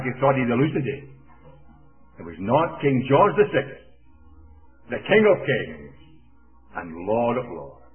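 An older Scottish man preaches and tells a story, his pitch rising and falling as he voices each person in it. The sound is thin and tinny, like a phone line, with faint music underneath. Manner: storytelling, acting out dialogue with animated pitch. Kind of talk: sermon with personal war story.

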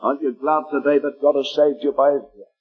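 A man from Liverpool, England, with a Liverpool accent, preaching a fervent sermon and slowing down to read scripture aloud. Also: mid-range voice, fairly even intonation, breathy edge, narrow, tinny audio, soft background music.

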